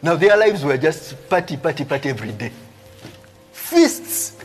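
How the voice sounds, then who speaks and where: With soft music in the background, this slightly high-voiced, fast-talking prophet preaches live. He reads scripture and explains it, frequently tagging lines with "eh?" and breaking into laughter.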